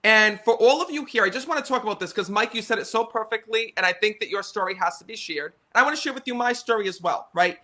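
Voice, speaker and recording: An American man in his thirties tells stories with earnest, animated energy. His voice sits high and sounds bright and forceful. He keeps pulling the audience in with "right?" and "you know.". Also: fast, few pauses. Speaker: psychic medium guest. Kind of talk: casual storytelling conversation.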